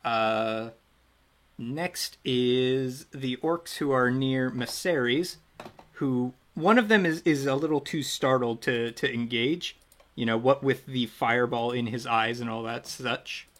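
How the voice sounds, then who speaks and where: A man's voice: mid-range voice, slow pace, a bit bright. A man running a tabletop game as game master, narrating the action in a loose, chatty way that often trails off and restarts.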